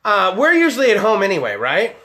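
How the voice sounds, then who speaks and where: A man's voice: high-pitched, huge pitch swings, a little fast, sharp tone. A man hosting a live-streamed show, talking in a loose, tipsy, heavily profane way. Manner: rowdy, tipsy, swears a lot. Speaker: podcast host.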